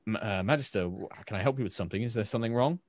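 A man voicing a stern, weary woman knight captain in a tabletop game, speaking haltingly and quietly. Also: fairly low pitch, no room sound, studio quality, close to an everyday voice. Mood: startled.

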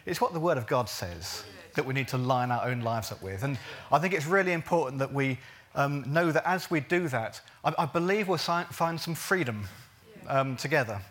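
A man's voice: mid-range voice, lively intonation, normal speed, fairly bright tone. A man preaching a sermon, earnest but jokey, drawing words out for emphasis.

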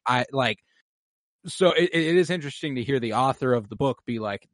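A man's voice: medium pitch, animated, brisk, fairly bright tone, no echo. A young man co-hosting a casual film podcast, rambling with many fillers and acting out quotes. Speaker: podcast co-host.

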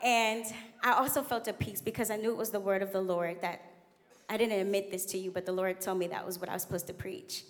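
A young adult woman giving a candid, animated sermon as a guest preacher in a church. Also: mid-range voice, fast. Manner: animated, laughing, candid storytelling. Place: church sanctuary. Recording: long hall reverb.

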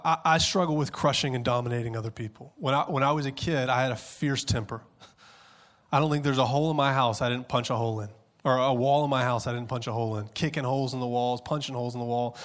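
A man in his thirties preaching a sermon with passion, dropping to hushed tones and then rising to loud, urgent peaks. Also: medium pitch. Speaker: pastor.

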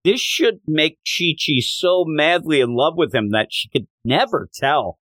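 A man hosting a podcast, recapping a manga chapter and acting out the characters' lines in animated storytelling. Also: on the high side, unhurried, no echo, clean studio sound. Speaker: podcast host.

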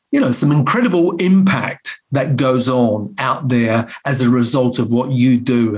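Man hosting a rambling interview. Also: mid-range voice. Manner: rambling, with many fillers and restarts. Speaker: host. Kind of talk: casual interview chat.

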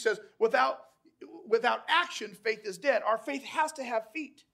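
A man preaching a sermon, swinging between hushed, intimate passages and loud, shouted calls. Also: high-pitched, vocal fry. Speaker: pastor.

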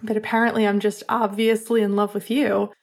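A woman voicing an earnest young man who rambles, softly pleading and blaming himself. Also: mid-range voice, little pitch movement, fairly quick, lightly acted.

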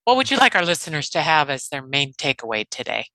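A woman's voice: deep voice, sing-song, quick pace, bright, forceful tone, no echo, rough recording. A woman co-hosting a podcast, asking the guest questions and reading the show's upbeat sign-off. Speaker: podcast co-host. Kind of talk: podcast host outro.

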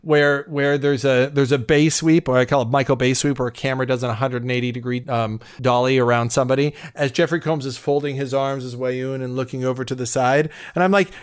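A man's voice: medium pitch, steady tone, normal speed, hardly any pauses, clear, resonant tone, no room sound, studio quality. A man hosting a podcast, rambling enthusiastically with lots of fillers and restarts. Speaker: podcast host. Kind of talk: casual chat.

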